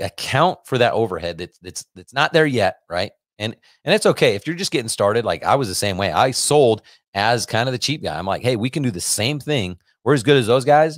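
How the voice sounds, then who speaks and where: A man's voice: lowish voice, no room sound, clean studio sound. A middle-aged man hosting a podcast, talking casually in an upbeat, salesy pep-talk manner, with lots of fillers. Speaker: podcast host. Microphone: podcast microphone.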